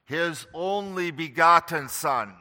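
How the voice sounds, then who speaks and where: A man preaching a sermon slowly and emphatically, pressing hard on key words. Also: a little high, sharp tone, big-room sound. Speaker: pastor.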